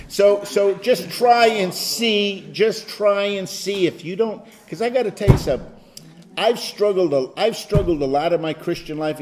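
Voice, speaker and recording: A male pastor teaching an interactive Bible study, emphatic and animated, at times bursting into loud exclamations. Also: on the high side, slight background noise.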